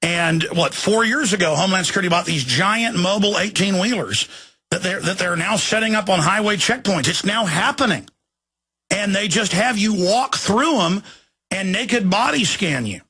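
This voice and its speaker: A middle-aged man hosting a talk radio show, ranting angrily, often shouting and turning sarcastic. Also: high-pitched, lively intonation, normal speed, slightly rough. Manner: angry, shouting rants with sarcastic asides.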